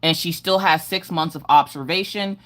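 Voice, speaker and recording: A woman's voice: sits low, normal speed, a bit bright. A middle-aged woman hosting a casual livestream from home, greeting viewers by name in a sing-song way. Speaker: livestream host.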